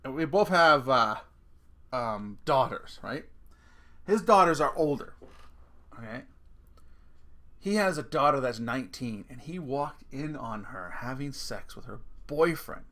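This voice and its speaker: A man's voice: medium pitch, lively intonation, measured pace, long pauses, a bit bright. A middle-aged man telling family stories in a casual rant, swearing freely and laughing at his own punchlines. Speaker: vlogger.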